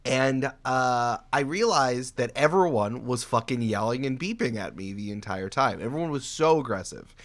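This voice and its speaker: A man from New York State chatting casually as a podcast guest, telling animated stories with quoted outbursts. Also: mid-range voice, moderate pace, few pauses.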